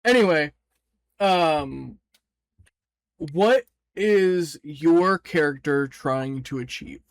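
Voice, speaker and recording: A man with a high, light voice hosts a tabletop session as game master. He talks slowly and easily, laughing often, and sounds close and dry, with no room around him. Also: vocal fry, dry recording. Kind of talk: casual chat before a tabletop game.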